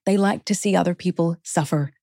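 A woman's voice: fairly low pitch, fairly quick, creaky, warm tone, dry recording, clean studio sound. A woman guest in an interview, explaining her ideas earnestly and laying them out step by step. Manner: earnest, explanatory, lists points in steps. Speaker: guest author. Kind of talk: interview conversation.

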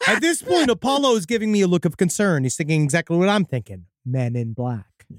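A man's voice: high voice, huge pitch swings, quick pace, dry recording. A man co-hosting a podcast, casually reading out a listener's creepy story and swearing now and then. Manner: casual, profane, dips into voices for quoted people.

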